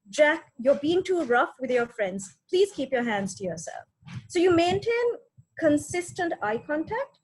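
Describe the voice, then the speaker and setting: A woman's voice: sits high, a little mellow, poor audio. A woman giving a practical parenting webinar talk, offering example phrases and often checking in with "right?".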